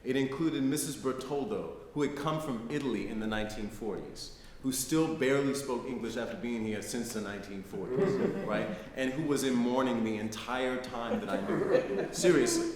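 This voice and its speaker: A middle-aged man from the United States, lecturing as a guest, speaks at a moderate pace with hardly any pauses, his mid-range voice somewhat dark in tone. He tells personal stories in a chatty style, repeatedly adding "right?" for his live audience. The hall sounds echoey, with faint noise.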